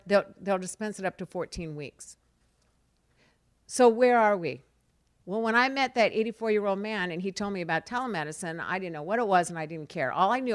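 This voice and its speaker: A middle-aged woman speaks at a fundraising dessert in an animated storytelling manner. Her pitch sits in an ordinary middle range. She acts out quoted conversations and hammers points home by repeating words. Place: event hall.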